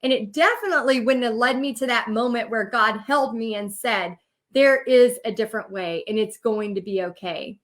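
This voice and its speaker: A woman in her thirties from Texas, telling a personal story with animated emotion and quoting her own thoughts. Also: fairly high pitch, moderate pace. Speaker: host and business coach.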